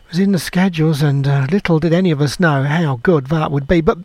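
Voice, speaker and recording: A man in his sixties talks on air with a fairly high voice, recorded dry and close in a studio. He rambles through old memories with a self-mocking, chatty manner. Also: quick pace, a little mellow, dry recording. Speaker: radio co-host. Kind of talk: chatty music radio talk.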